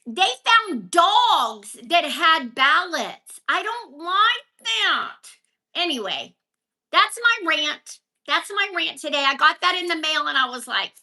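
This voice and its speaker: Brief: woman, live-stream host, high and sharply bright voice, unhurried, chatty rants to her viewers. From Texas. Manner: ranting, chatty, answers viewer comments by name. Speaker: livestream host. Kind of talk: casual live-stream chat. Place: home, at a counter. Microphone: phone held vertically.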